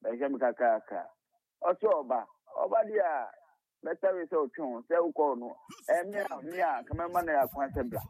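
A man's voice: on the high side, fairly quick, a little mellow, no room sound. A Ghanaian man calling a radio show, making his point emphatically and repeating it. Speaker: caller. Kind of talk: call-in radio chat. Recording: tinny phone line on radio.

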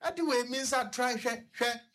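A young man with a Ghanaian accent, a guest on a radio discussion, telling a personal story in a halting way and stuttering repetitions. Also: extremely high pitch, pushed and bright.

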